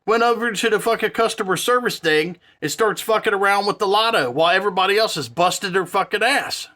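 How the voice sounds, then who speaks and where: A man's voice: sits high, quick pace, bright, forceful tone. A man telling a story in an angry, profane rant, rambling and heated.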